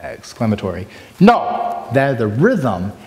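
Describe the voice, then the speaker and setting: A man giving a conference lecture on preaching, animated and demonstrative, swinging between loud bursts and hushed asides. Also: mid-range voice, normal speed. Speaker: preaching workshop speaker. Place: large hall with long reverb. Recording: echoey hall from far off.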